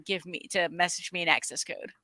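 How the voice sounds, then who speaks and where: A woman's voice: fairly low pitch, fairly quick, creaky, pushed and bright, no room sound. Dry-sounding wry female co-host. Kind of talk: casual chat.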